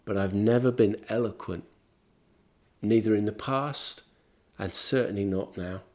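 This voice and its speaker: A man preaching who voices Moses as a doubtful man pleading his way out of the task, quick when he protests. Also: fairly low pitch, close to an everyday voice. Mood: reluctant. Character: reluctant Moses, grown man full of excuses. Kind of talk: sermon storytelling.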